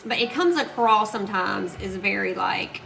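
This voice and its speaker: A woman's voice: mid-range voice, moderate pace, vocal fry, a bit bright, faint music behind, poor audio. A woman chatting and telling rambling stories to her live-stream viewers while she crafts. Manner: chatty, rambling storyteller, addresses viewers as y'all. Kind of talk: casual chat while crafting. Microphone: phone live stream.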